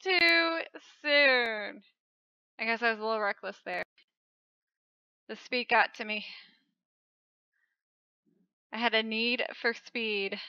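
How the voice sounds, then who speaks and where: Woman host, excitable and gasping, commenting on her own play. Smooth, crisp voice on a dry, dull recording. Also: a little high, measured pace, long pauses, no echo. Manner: excitable, frequent gasping exclamations. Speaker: channel host. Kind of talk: casual game commentary.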